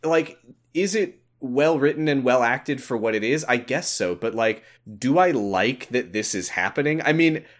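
A man's voice: medium pitch, animated, moderate pace. A man co-hosting a casual podcast, recapping a TV episode with wry jokes and frequent laughs. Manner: wry, laughs often, paraphrases characters in quotes. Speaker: podcast co-host.

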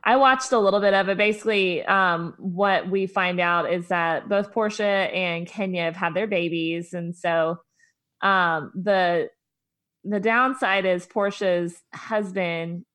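A woman co-hosting a podcast, chatting casually about reality TV and reacting with quick exclamations. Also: on the low side, steady tone, a bit bright. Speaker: podcast co-host. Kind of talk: casual chat recapping reality TV.

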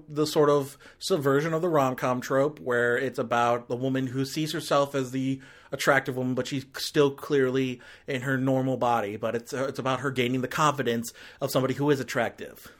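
A movie reviewer tears into a film in an exasperated rant, voice leaping up and down in pitch. The talk is loose and full of fillers and restarts, building into angry outbursts. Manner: ranting, exasperated, escalating into outbursts. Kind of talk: ranked-list movie review commentary.

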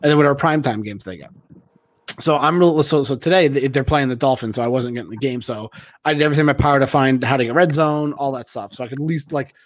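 A man's voice: medium pitch, quick pace, no echo. A man hosting a casual podcast, rambling with many restarts and trailing off. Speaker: podcast host.

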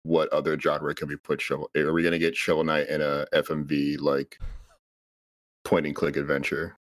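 A man's voice: extremely low pitch, monotone, normal speed, dry recording, studio quality. A man in a casual game review discussion, musing in a laid-back, wry way.

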